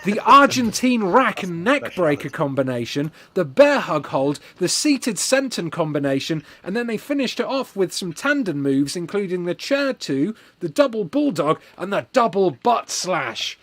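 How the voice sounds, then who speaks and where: A young English man telling an absurd comic story as a stream host, veering from low mumbles to loud shouts. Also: very animated, moderate pace, hardly any pauses. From England.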